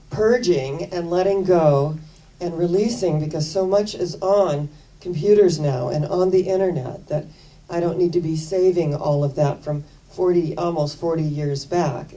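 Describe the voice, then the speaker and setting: A woman's voice: lowish voice, a little slow, warm tone, distant mic, rough recording. An older woman minister giving a sermon, telling personal stories in an earnest, conversational way and repeating phrases for emphasis.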